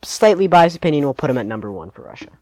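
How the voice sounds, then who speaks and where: A man's voice: fairly high pitch, big pitch swings, racing, darkish tone. A man co-hosting a podcast, chatting casually about sports and hedging his picks with lots of "like"s. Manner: rambling, hedging, many "like"s. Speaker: podcast co-host.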